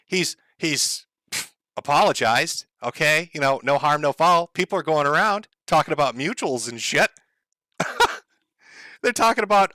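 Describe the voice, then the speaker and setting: A man's voice: on the high side, lively intonation, moderate pace, bright, forceful tone, no room sound, studio quality. A man giving mocking, profane online commentary, sarcastic and laughing at his own jokes.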